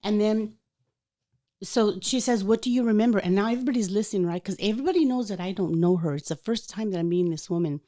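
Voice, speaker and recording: A woman hosting a podcast, chatting casually and telling a personal story in an animated way, acting out the voices of people in it. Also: medium pitch, fast talker. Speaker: podcast host.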